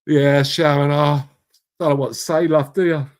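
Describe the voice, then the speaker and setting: A man's voice: fairly high pitch, flat delivery, normal speed. A middle-aged English man hosting a casual live chat, blunt and matey, swearing freely and calling viewers mate and bruv. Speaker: live stream host.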